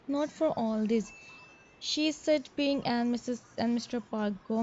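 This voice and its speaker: A woman reads a fan-written story aloud at a slow, unhurried pace, her voice mellow and a little higher than most. She stops to call out each character's name before their lines. The recording sounds dull and lo-fi. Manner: halting, reads character names before each line with simple, non-native English phrasing. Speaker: fanfiction reader.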